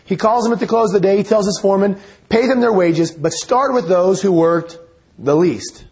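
A man preaching a sermon, reading scripture aloud and explaining it in an earnest, measured teaching manner. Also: sits high, a little mellow, husky.

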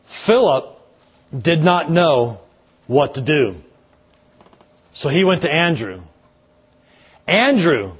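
A man, a pastor, delivering a slow, measured sermon with dramatic pauses and a husky voice. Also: on the high side.

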